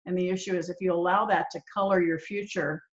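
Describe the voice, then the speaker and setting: A woman's voice: fairly low pitch, steady tone, fast, highs cut off. A woman hosting a podcast interview, agreeing and building to emphatic points. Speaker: podcast host. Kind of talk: casual interview chat.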